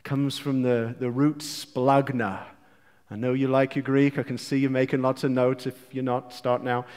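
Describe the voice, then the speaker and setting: An English man preaching a sermon with passion, moving between hushed lines and loud outbursts, with playful asides to the congregation. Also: medium pitch, flat delivery, normal speed, clear, resonant tone, long reverb tail. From England.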